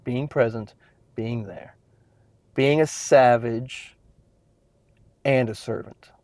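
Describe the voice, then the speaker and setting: A man's voice: mid-range voice, takes it slowly, darkish tone, no room sound. Blunt, intense man, dry close sound. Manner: intense, blunt, swears freely. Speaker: podcast host, fitness trainer. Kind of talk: casual solo podcast monologue.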